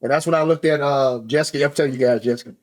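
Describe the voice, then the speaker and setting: A man hosting a casual podcast, telling stories in an excitable, quick-talking way. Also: medium pitch. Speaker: podcast host.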